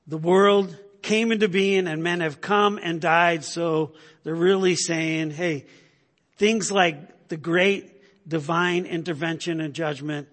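A man's voice: on the high side, a bit bright. A man preaching a sermon in an emphatic, conversational way, often checking in with the listeners. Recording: long hall reverb.

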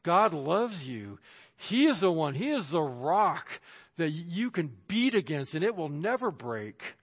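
This sermon comes from a male pastor whose emphatic, somewhat high voice carries a breathy edge and a sing-song lilt. He acts out the people and voices he quotes, speaking a little slowly, and a long reverb rings around him as in a big church sanctuary.

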